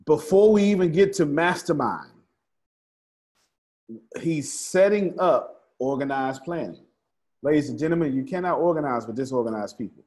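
A man's voice: fairly high pitch, lively intonation, normal speed, darkish tone. Man teaching a small live group. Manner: repeats himself, calls on listeners by name. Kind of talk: lively live group lesson. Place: room with a small live audience.

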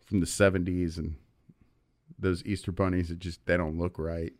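A man's voice: deep voice, flat delivery, normal speed, darkish tone. A man hosting a podcast, telling a rambling story in casual chat with many fillers. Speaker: podcast host.

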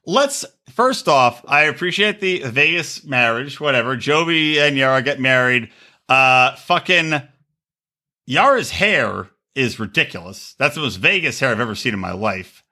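A man co-hosting a podcast, telling stories in profane, animated casual chat and acting out quick voices. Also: mid-range voice. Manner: profane, animated storyteller who acts out voices. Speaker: podcast co-host.

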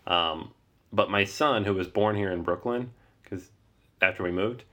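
A man's voice: low-pitched, a little slow. A man in his thirties from Seattle hosting a casual board game podcast, laughing easily and wandering into asides. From Seattle, US Pacific Northwest. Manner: relaxed, laughs often, rambling asides. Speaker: podcast host. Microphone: remote call recording.

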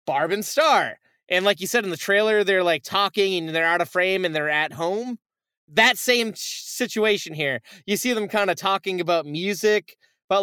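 A man co-hosting a casual podcast, retelling a movie with animated, swearing storytelling. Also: high-pitched, smooth, no room sound, studio quality. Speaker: podcast co-host. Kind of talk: casual chat.

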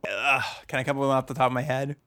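A young man co-hosts a podcast, recapping a TV show in casual chat. His voice has a gravelly edge at a middle pitch, and his humor is dry and sarcastic. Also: steady tone, rapid-fire, sharp tone. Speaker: podcast co-host.

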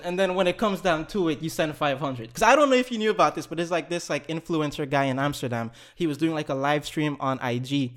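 Young guy, casual podcast storyteller, slightly high voice, lively and profane. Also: fast talker, few pauses. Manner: animated, swearing, laughing mid-story. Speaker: podcast guest telling a story.

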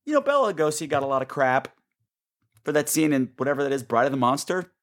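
A man's voice: fairly high pitch, very animated, fast talker. A man hosting a podcast, ranting sarcastically about a bad movie, swearing and squealing as he acts out scenes. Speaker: podcast host. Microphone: home mic turned up high.

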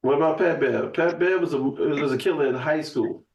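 A man's voice: fairly high pitch, moderate pace, darkish tone. Emphatic man in an echoey room. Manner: emphatic, profane, rambling with restarts. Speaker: podcast guest. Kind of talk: casual chat. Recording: echoey room, voice from far off the mic.

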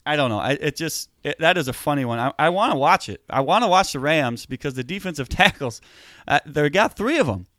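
A man co-hosting a casual football talk show, animated and getting heated as he argues his point. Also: on the high side, a little fast, dry recording, studio quality. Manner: animated, gets heated and emphatic. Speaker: sports podcast co-host.

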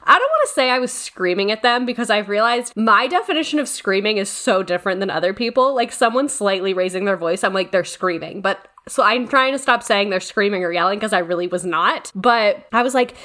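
A woman's voice: mid-range voice, expressive, brisk, few pauses, bright, forceful tone. A young woman, a former teacher, co-hosting a casual podcast chat, laughing often as she tells classroom stories.

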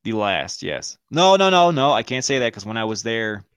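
A man's voice: on the low side, moderate pace, fairly bright tone, smooth. Profane laughing storyteller, a man. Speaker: podcast co-host. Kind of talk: casual storytelling chat.

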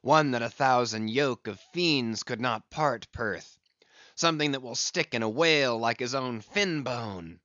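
A man doing a brooding, obsessed old sea captain from an audiobook, giving commands in slow, weighty, old-fashioned speech. His voice is plain in pitch, and the dry recording sounds a little dull. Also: pushed and bright, no room sound. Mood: intense. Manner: passionate, commanding, archaic speech.

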